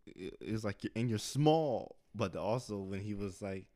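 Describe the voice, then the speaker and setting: A man co-hosting a podcast in casual chat, animated, laughing often and jumping into high squeaky voices when retelling scenes. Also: moderate pace, no echo. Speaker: podcast co-host. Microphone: studio mic.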